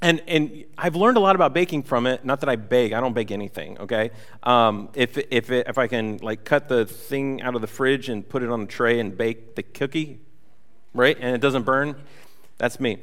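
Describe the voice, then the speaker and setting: A man's voice: mid-range voice, moderate pace, fairly bright tone, in a large hall. A man preaching a sermon as pastor, conversational and joking, with many fillers and restarts. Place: church hall.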